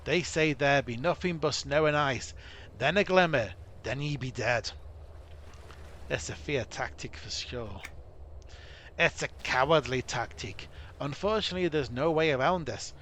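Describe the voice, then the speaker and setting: Give me a blunt, urgent dwarf commander with a rough accent, voiced by a man. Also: medium pitch, measured pace, fairly bright tone, slight background noise, lightly acted.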